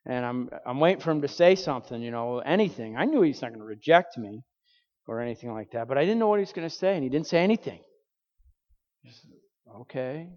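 A man's voice: medium pitch, expressive, fast, darkish tone. A male pastor telling a personal story from the pulpit in a conversational way, with fillers and restarts. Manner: conversational, acts out quoted voices, frequent fillers and restarts. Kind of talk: sermon storytelling. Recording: dull reverberant hall recording.

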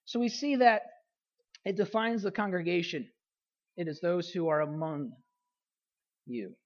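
A woman pastor preaching a sermon, repeating key phrases for emphasis and letting her voice fall softly at the end of phrases. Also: fairly low pitch, a little slow, lo-fi sound.

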